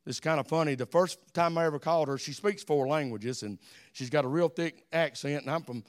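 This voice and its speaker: A man's voice: fairly high pitch, fairly quick. An older man with an Alabama accent, preaching a folksy sermon, telling stories and dropping amens. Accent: Southern US, Alabama. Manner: folksy, repeats amen, animated storytelling.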